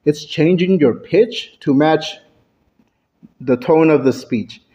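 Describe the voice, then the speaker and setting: A man delivering a prepared club speech, playing with his pitch and loudness for effect. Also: slow pace, dull audio. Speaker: Toastmasters club speaker. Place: club meeting room.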